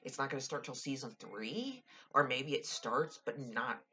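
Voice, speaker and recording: A young woman with a low-pitched voice vents about a TV show in an exasperated, sighing, swearing tone. Her talk is casual and rambling. Faint noise sits under the recording. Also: lively intonation, moderate pace, pushed and bright. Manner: exasperated, frequent sighs and swearing. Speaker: vlogger. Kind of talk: casual TV recap rant.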